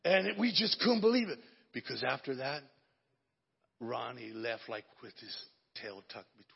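A man preaching a sermon as pastor, moving from hushed storytelling to shouted preaching. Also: mid-range voice, expressive, normal speed, vocal fry, slightly rough. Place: church sanctuary. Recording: dull lo-fi audio with long hall reverb.

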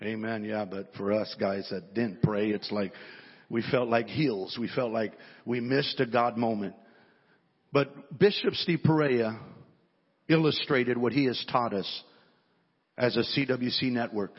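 A man with a medium-pitched, slightly rough voice speaks unhurriedly, a pastor sharing a story within his sermon. He keeps it conversational and often starts sentences by repeating words. Long hall reverb fills a dull recording.

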